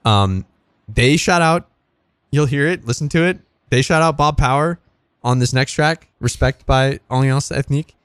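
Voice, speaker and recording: A man's voice: mid-range voice, moderate pace, a bit bright, smooth, dry recording, clean studio sound. A man co-hosting a community radio music show, easygoing and casually profane, introducing tracks with some hesitation. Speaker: radio co-host.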